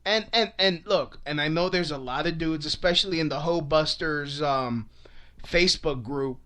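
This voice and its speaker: A young vlogger rambles through a foul-mouthed, funny rant aimed at the camera, constantly swearing, restarting and laughing. His voice is a little high, pushed and bright, moving at a moderate pace.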